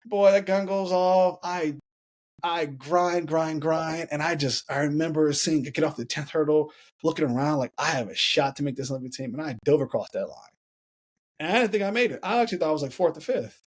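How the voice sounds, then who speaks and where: A man in his thirties from the United States, a podcast guest telling a story in an animated way, often repeating and restarting his phrases. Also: fairly high pitch, a little fast. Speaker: podcast guest, former Olympic hurdler. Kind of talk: storytelling in a conversational interview.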